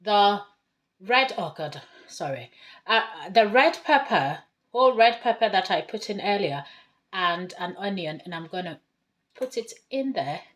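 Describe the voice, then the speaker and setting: A woman's voice: medium pitch, lively intonation, unhurried. A woman from Ghana giving a casual cooking demonstration in her home kitchen, chatting through each step as she works. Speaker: home cook.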